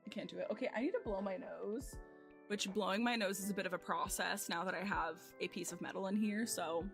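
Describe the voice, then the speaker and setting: A woman's voice: mid-range voice, fairly even intonation, brisk, gravelly, faint music behind. A young woman streamer chatting casually with her viewers at home, rambling and self-deprecating with lots of fillers. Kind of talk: casual chat with chat while gaming.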